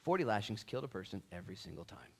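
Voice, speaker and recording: A male pastor delivering a dramatic sermon, swinging between near-whispers and shouts. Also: lowish voice, sing-song, rapid-fire, creaky. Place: church.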